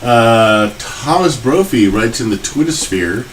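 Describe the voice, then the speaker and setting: A man co-hosting a podcast in casual chat, rambling and joking, halting often with fillers. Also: mid-range voice, expressive, recorded from a distance, a little hiss or hum, poor audio. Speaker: podcast co-host.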